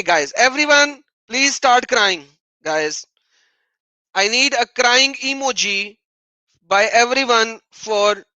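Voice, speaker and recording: A man's voice: high-pitched, pushed and bright, no echo, rough recording. A man hosting a live-stream debate chat, taunting and sarcastic, often laughing mockingly. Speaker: livestream host.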